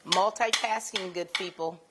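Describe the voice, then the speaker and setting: A woman's voice: medium pitch, measured pace, heavy background noise. Upbeat woman hosting a cooking show. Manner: upbeat, laughs easily, short encouraging replies. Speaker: TV host. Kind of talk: cooking segment chat. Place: TV studio kitchen. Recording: kitchen clatter clearly behind.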